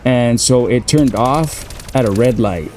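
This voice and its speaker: A man's voice: mid-range voice, slow pace, a little mellow. A man in his thirties telling a personal story in a casual, profane, laid-back way. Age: 30s. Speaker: gaming streamer.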